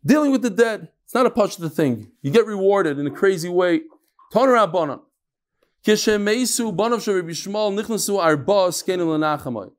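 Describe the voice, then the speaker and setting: A man teaching a text class who reads passages aloud, then explains them in relaxed talk and tells stories. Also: high-pitched, fairly quick. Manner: storytelling, acts out quoted voices. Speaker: Talmud teacher. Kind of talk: Talmud class lecture.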